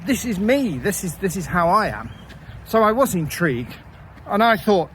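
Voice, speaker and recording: A man casually telling a story about his own life, with wry, self-deprecating asides and frequent pauses and fillers. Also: high voice, big pitch swings, fairly bright tone, slight background noise, poor audio. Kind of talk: casual first-person storytelling.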